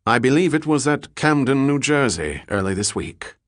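A man's voice: mid-range voice, very animated, normal speed, dry recording, studio quality, voice pushed up, close to an everyday voice. A man voicing a suave, courtly male gem dealer who speaks with flowery, ceremonious politeness.

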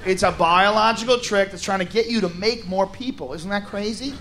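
Animated stand-up comedian man, high voice. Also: a little fast, a little hiss or hum. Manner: loud, animated, shouting bits.

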